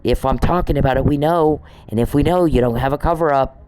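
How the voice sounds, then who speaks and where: A man's voice: mid-range voice, fairly quick, a little mellow, slight background noise, poor audio. A man on a podcast, delivering an angry, profane monologue aimed straight at one person he scolds. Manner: indignant, profane, scolding someone directly.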